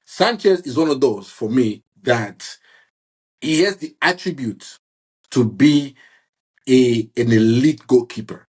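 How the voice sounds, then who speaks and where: A man talking football in a casual chat, halting and restarting often and asking "you see what I'm saying". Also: mid-range voice, lively intonation, a little mellow, slightly rough. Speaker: football fan guest.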